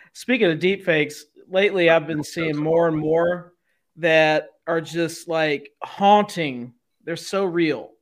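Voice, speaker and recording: An animated male podcast co-host with a fairly high voice who swears casually and laughs easily. He talks loosely, with plenty of fillers and restarts in a relaxed chat. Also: takes it slowly.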